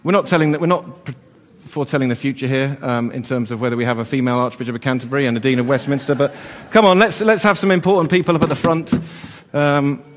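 A man with a medium-pitched voice speaks fast while leading an all-age church service. He's chatty and playful with the children, full of fillers and restarts. The recording carries a long church reverb.

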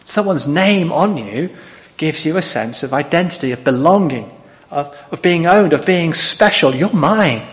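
A male preacher gives an expository sermon in a church hall, frequently asking the congregation questions. His voice is on the high side, with lively intonation, a fairly bright tone and a slightly slow pace. The recording sounds dull, with long hall reverb.

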